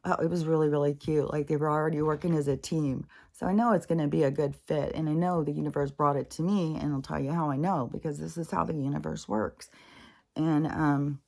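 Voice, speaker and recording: Low, gravelly-voiced woman rambling casually. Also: fairly even intonation, fairly quick, a little mellow. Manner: rambling, profane, frank. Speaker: spiritual vlogger. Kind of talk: casual chat. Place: home.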